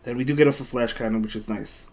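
A man's voice: medium pitch, steady tone, fast, darkish tone. A man commentating his own online battles on a live stream, chatting with viewers between moves and often repeating himself. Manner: chatty, reads chat aloud, thanks viewers, repeats himself. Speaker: game streamer.

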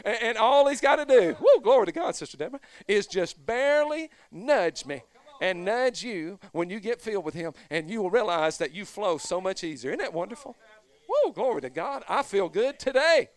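A man preaching a fervent Pentecostal sermon as pastor, swelling from low, conversational stretches into shouted whoops. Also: expressive, fairly quick.

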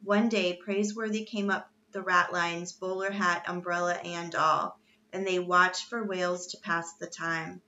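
A woman reading a children's novel aloud in steady narration. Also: lowish voice, a little slow, highs cut off. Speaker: reader. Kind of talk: storybook read-aloud.

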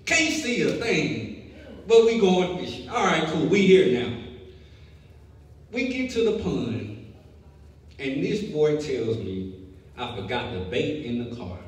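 A young man preaching a sermon, telling a lively story before building to emphatic preaching. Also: on the high side, takes it slowly, pauses often. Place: church sanctuary. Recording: echoey hall, distant mic, faint noise.

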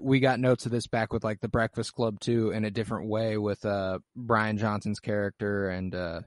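Casual male podcast co-host, lowish voice. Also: no room sound, studio quality. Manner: animated, swears casually, restarts often. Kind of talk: casual film discussion.

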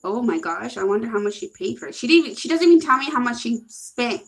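A young woman hosting a casual livestream, chatting excitably and reading viewer comments aloud. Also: fairly high pitch, fast talker, vocal fry. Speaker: livestream host.

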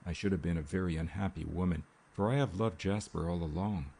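A man reading a calm young woman. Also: sits low, brisk, vocal fry, slightly rough, full character voice. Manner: calm, even.

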